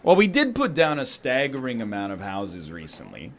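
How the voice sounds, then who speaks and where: A man's voice: medium pitch, wildly swooping pitch, moderate pace. A man from Canada giving casual gameplay commentary as a streamer, rambling with joking asides. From Canada (Ontario).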